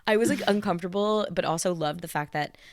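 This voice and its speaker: A woman's voice: lowish voice, fast, noisy background. A woman co-hosting a movie podcast in casual chat, wry and emphatic, often repeating phrases for effect. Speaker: podcast co-host.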